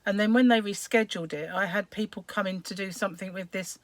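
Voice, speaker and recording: Woman, middle-aged, croaky, chatty and rambling, mid pitch, dry room. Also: fast, no room sound. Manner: chatty, rambling, greets viewers by name. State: croaky, slightly hoarse. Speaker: crochet live streamer. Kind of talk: casual live stream chat.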